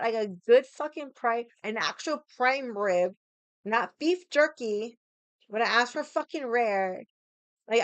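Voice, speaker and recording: Forties woman, Boston accent, blunt profane vlog rant, smooth clear voice. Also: on the high side, no echo. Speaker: vlogger. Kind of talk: casual rant to camera.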